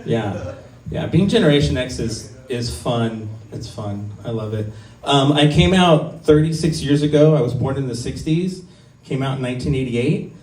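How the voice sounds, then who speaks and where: Performing at an open mic in a small comedy club, a stand-up comic in his fifties rambles crudely at his own expense, saying "um" often. His mid-range, darkish voice is expressive at normal speed with hardly any pauses, captured from afar in a roomy recording with slight background noise.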